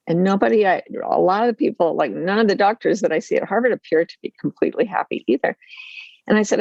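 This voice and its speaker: A woman, an author and life coach, telling personal stories with lively, self-deprecating humor and acting out the voices she quotes. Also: mid-range voice, fast talker, gravelly, dry recording, highs cut off. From Utah, USA. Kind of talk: candid storytelling interview.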